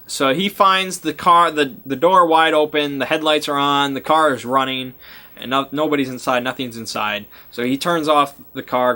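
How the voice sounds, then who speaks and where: Bright-voiced man rambling through a game recap. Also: on the high side. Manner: rambling and self-interrupting, often loses track of names. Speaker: game master recapping a session. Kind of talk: casual storytelling recap.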